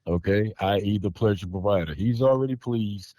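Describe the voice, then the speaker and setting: A man's voice: fairly low pitch, moderate pace, warm tone, no room sound. A man hosting a podcast, talking emphatically with lots of repetition and swearing, then closing the show. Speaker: podcast host. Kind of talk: casual podcast chat.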